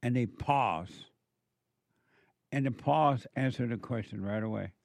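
A man's voice: mid-range voice, measured pace, gravelly, dry recording, clean studio sound. A male counselor delivering a preachy monologue, firing off emphatic rhetorical questions in a scolding tone.

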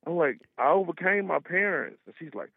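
A man's voice: a little high, very animated, brisk, vocal fry, slightly rough, dry recording. A man in his thirties from Texas calling into a radio show, casual and slangy, telling stories in a chatty way. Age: 30s. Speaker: caller. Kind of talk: phone-in call. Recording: tinny phone line.

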